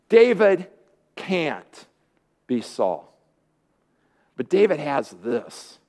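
A man's voice: high voice, darkish tone. A man preaching a sermon, retelling a Bible story playfully and joking with his congregation.

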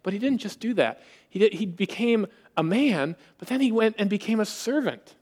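A man preaching a sermon in an animated way, acting out quoted voices with rising emphasis. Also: high-pitched, normal speed. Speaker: pastor.

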